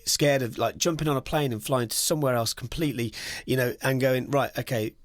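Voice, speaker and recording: A man's voice: medium pitch, steady tone, fairly quick, dry recording. A man hosting a podcast, talking in an enthusiastic, conversational way with plenty of casual fillers. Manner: enthusiastic, conversational, many "you know"s. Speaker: podcast host. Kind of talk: podcast monologue.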